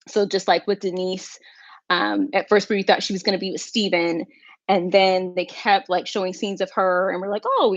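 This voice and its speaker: A woman's voice: on the low side, no echo, lo-fi sound. A woman hosting a casual livestream, chatting with viewers and thinking aloud with fillers and little asides. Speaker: livestream host.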